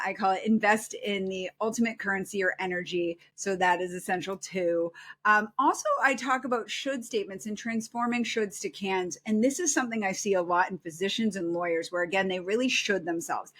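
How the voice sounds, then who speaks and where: A middle-aged woman psychologist giving earnest, animated advice as a guest in a podcast interview. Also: medium pitch. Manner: earnest, animated, acts out quoted self-talk.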